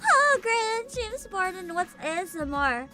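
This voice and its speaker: A woman's voice: extremely high pitch, big pitch swings, measured pace, loud music behind the voice. A young woman hosting a casual VTuber livestream, sleepy and giggly, reading chat aloud. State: sleepy and tired.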